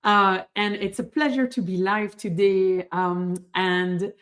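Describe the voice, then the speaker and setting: A woman's voice: medium pitch, steady tone, slow. A middle-aged woman from France with a French accent, a rheumatologist talking live to her viewers, hesitant with many fillers and restarts. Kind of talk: live-stream talk to viewers.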